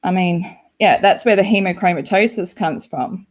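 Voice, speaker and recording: A woman's voice: fairly low pitch, normal speed. A woman hosting a live stream, chatting casually and rambling with lots of "like" and giggles. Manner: rambling, giggly, full of "like" fillers.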